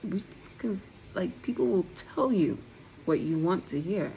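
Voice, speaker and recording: Fairly low in pitch, gravelly and dark in tone yet animated, a young woman speaks at a measured pace on a low-quality recording with slight background noise. She vlogs casually with a slight lisp caused by dental aligners, frankly recounting her own story directly to viewers.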